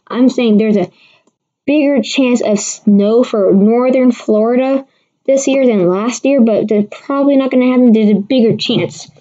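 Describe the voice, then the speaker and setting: A woman's voice: fairly high pitch, moderate pace, warm tone. A woman hosting a casual livestream weather forecast, rambling with many restarts while answering viewers. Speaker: amateur weather forecaster host. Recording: dull lo-fi stream audio.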